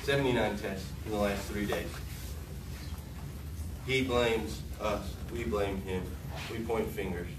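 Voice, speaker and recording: A man's voice: on the low side, steady tone, measured pace, pauses often, distant mic. A man running a morning sales meeting at a car dealership, joking and motivational, talking to staff in the showroom. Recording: roomy, off-mic with room noise.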